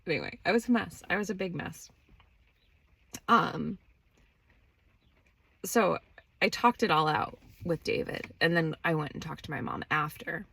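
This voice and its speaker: A woman's voice: fairly low pitch, animated, a little slow, vocal fry, long pauses, a bit bright, slightly rough. A woman podcast host candidly recounting a personal story in casual, profane speech and acting out the dialogue.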